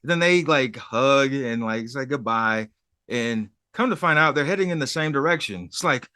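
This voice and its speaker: Lively man recapping a show. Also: medium pitch, moderate pace, no room sound, clean studio sound. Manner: animated retelling, acting out characters' lines. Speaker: podcast co-host. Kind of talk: casual chat recapping a TV episode.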